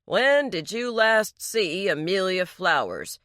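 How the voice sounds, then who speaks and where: A woman's voice: mid-range voice, very animated, slow pace, fairly bright tone, no room sound, clean studio sound. A woman voicing a level-headed male sheriff who speaks in a firm, placating way.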